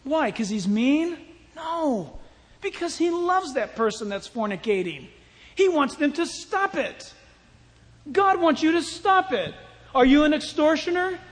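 A man pastor preaching a sermon in an animated, playful way, acting out Bible scenes as he goes. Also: very high-pitched, unhurried, in a large hall.

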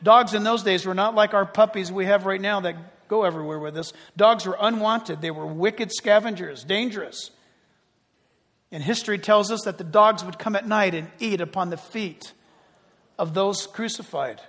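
A man preaching a sermon, dramatic, swinging from loud declarations to hushed, near-whispered lines. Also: high voice, normal speed. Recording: long reverb of a large hall.

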